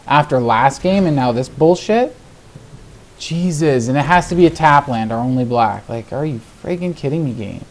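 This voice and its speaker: A man commentating his own card game, ranting in exasperation and swearing, swinging between low muttering and sudden shouts. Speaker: gaming video host. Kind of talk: live gameplay commentary.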